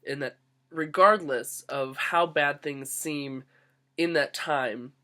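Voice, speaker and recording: A man's voice: fairly high pitch, sharp tone. Groggy young man, earnest vlog talk. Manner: earnest, halting with restarts and fillers. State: groggy, getting sick. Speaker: vlogger. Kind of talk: casual reflective vlog.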